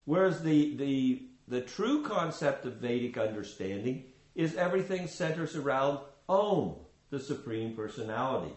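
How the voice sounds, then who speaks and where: A man's voice: mid-range voice, big pitch swings, a little mellow. Man lecturing on scripture, echoey room. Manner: measured, explanatory, with frequent restarts. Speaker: spiritual teacher.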